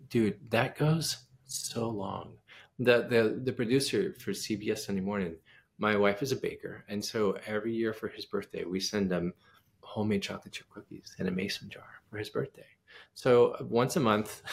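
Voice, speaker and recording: Man with a gravelly voice telling a lively story. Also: on the low side. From United States. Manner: animated storyteller acting out quoted dialogue. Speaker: pianist and composer, guest. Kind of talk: casual interview storytelling.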